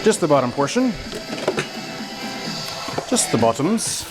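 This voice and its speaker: Streamer-chef: a man with a slightly high voice, jokey and chatty, music playing behind him. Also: animated, moderate pace, pauses often. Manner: joking, chatty, talks to himself while cooking. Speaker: livestream cooking host. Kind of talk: casual livestream chat. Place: home kitchen.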